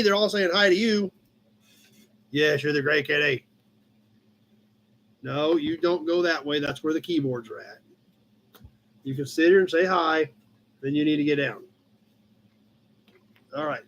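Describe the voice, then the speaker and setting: Chatty high-voiced man hosting a live chat. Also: a little slow, long pauses, a bit bright, a little hiss or hum. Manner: rambling, chatty, talks to his cat between comments. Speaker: livestream host. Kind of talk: casual live chat reading a car magazine. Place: his shop office.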